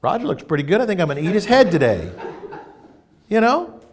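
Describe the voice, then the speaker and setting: A man's voice: high voice, big pitch swings, fairly quick, pitched above the performer's own voice, exaggerated voice. A man voicing a hungry male insect sizing up his prey, speaking gleefully and half-laughing.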